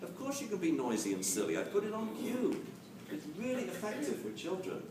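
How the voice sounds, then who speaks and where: Animated man lecturing in an echoey hall. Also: high voice, brisk. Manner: animated, jokey, acts out quotes. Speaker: dog training lecturer. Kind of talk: lively live lecture to an audience. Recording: roomy, distant camera mic with hiss.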